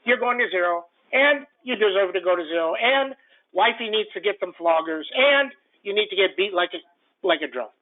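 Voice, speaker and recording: A man's voice: high voice, expressive, normal speed. A man hosting a morning trading call, ranting bluntly and profanely, often stumbling and repeating himself. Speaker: trading show host. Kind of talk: morning market commentary. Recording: narrow phone-like audio.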